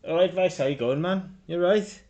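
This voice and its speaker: A man's voice: medium pitch, fairly even intonation, fairly quick, a little mellow, soft background music, natural voice. A man voicing a shrewd female street dealer in a tabletop game, easygoing and calling people mate.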